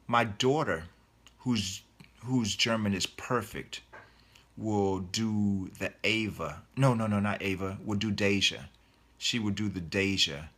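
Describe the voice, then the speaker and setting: Bright-voiced man answering reader questions. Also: fairly low pitch. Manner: reads viewer comments aloud, then answers them chattily. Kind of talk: casual live Q&A.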